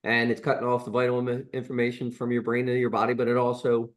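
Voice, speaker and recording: Man doing an earnest chiropractor, repetitive, explanatory, mid-pitched voice. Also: completely flat delivery, fast talker, close to an everyday voice. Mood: explaining. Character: earnest middle-aged male chiropractor explaining patiently.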